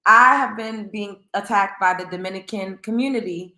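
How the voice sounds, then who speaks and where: A woman chats with her livestream viewers. Her voice is bright and lively. The room around her has a noticeable echo. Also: medium pitch, normal speed. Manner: chatty, greets viewers by name. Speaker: livestream host. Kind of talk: casual livestream chat.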